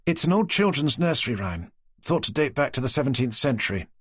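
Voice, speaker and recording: A man reading an audiobook, voicing a brisk, helpful young woman officer with a husky tone, reporting in a businesslike way. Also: medium pitch, very animated, a bit bright, no echo, clean studio sound, pitched above the performer's own voice.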